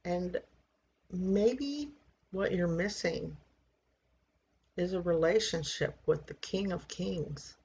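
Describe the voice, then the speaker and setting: A woman in her sixties giving an earnest personal faith testimony, halting and repeating words as she tells it. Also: on the low side, darkish tone, muffled recording. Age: 60s. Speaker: church member giving testimony.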